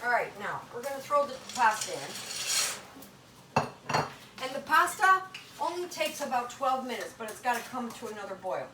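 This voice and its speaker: A woman's voice: a little high, sing-song, normal speed, long pauses, very noisy. An older woman hosting a home cooking demonstration in her kitchen, talking in a chatty, folksy Italian-American grandmother way.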